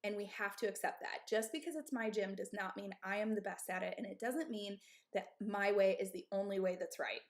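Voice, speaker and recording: A woman in her thirties who runs a gym gives advice to other owners on a live stream, speaking candidly and emphatically and asking "okay?" and "right?" often. Her voice sits at an ordinary middle pitch for a woman, she talks a little fast, and she sounds out of breath.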